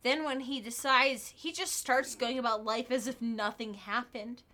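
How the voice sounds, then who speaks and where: A woman's voice: on the high side, sharp tone. A tipsy woman co-hosting a casual podcast, swearing, giggling and reading listener questions aloud. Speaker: podcast co-host. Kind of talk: casual drunk podcast chat.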